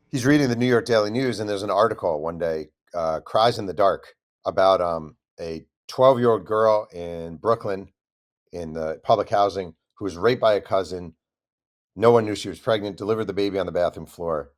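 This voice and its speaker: A man, an author guest on an interview show, telling a long story with lively acted-out quotes. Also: sits low. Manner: animated storyteller, acts out quoted voices.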